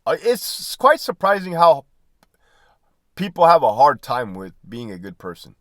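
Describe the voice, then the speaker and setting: A middle-aged man holds forth in a casual, profane monologue, swearing freely and breaking into laughter often. His voice sits high and swings widely in pitch. The recording is dry and close, with no room sound. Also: wildly swooping pitch, a little slow, a bit bright, no echo. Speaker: podcast host, former prison guard and army veteran.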